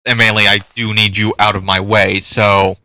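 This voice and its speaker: Chatty gamer dude, bright forceful voice, talks to the animals while he plays. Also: fairly low pitch, level tone, normal speed, no echo. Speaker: gaming youtuber. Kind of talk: casual gameplay commentary.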